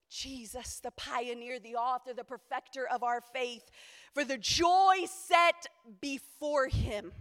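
A woman preaching a sermon, rising to shouted climaxes and dropping to quiet, joking asides with her listeners. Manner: swings between shouted high climaxes and quiet low asides; humorous, conversational asides to the congregation. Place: church conference hall.

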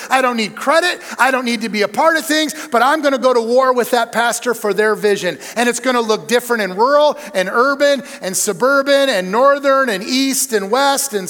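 A man's voice: very high voice, a bit bright. A middle-aged man, a church superintendent, preaching a leadership talk with emphatic, punchy delivery. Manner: emphatic preacher, punchy lists, acted-out anecdotes. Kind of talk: sermon-style leadership talk. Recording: long hall reverb.

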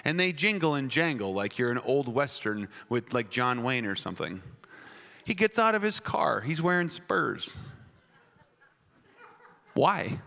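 A man's voice: mid-range voice, very animated, measured pace, gravelly, pauses often, pushed and bright. A man from Wisconsin, a pastor preaching with playful comic stories that turn into earnest teaching. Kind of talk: comedic sermon storytelling. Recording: echoey hall.

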